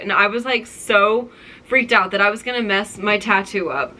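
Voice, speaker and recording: A young woman chats through a casual story time for her channel, leaning on likes and ums. Her voice is bright and clear. A faint background hiss sits under the recording. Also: medium pitch, fairly even intonation, normal speed. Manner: chatty, many fillers and likes. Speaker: vlogger.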